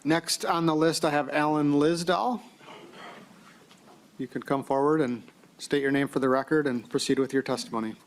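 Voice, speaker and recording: A man chairing a committee hearing, briskly calling speakers and keeping time. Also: fairly high pitch, fairly even intonation, slight background noise. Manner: brisk, procedural. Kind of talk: procedural chairing.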